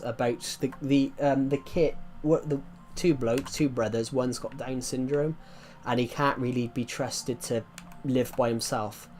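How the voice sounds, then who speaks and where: While playing, an English streamer with a West Country accent chats casually, rambling and starting sentences over. His mid-range, darkish voice is steady at a measured pace with hardly any pauses, and soft music plays in the background.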